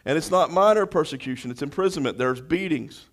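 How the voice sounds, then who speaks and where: A man preaching a sermon as pastor, with impassioned, repetitive phrasing that builds to shouting. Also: fairly high pitch, brisk. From United States.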